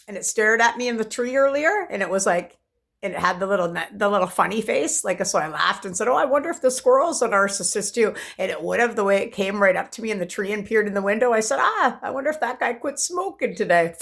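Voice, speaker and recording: A woman's voice: mid-range voice, gravelly, fairly bright tone. A woman talks to camera in a long, rambling monologue, intense and swearing freely as she jumps from topic to topic. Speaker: vlogger.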